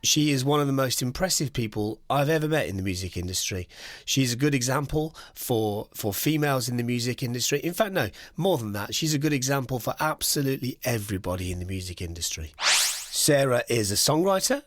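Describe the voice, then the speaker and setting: A man's voice: medium pitch, lively intonation, brisk, a little hiss or hum. A man hosting a podcast, talking in an enthusiastic, conversational way with plenty of casual fillers. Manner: enthusiastic, conversational, many "you know"s. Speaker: podcast host. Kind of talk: podcast monologue.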